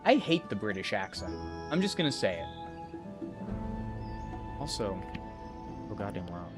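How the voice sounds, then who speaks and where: Speaking low and very animated, though unhurried, this young adult man rambles and curses through casual gameplay commentary. Loud music plays behind him as he streams a game and talks to his chat.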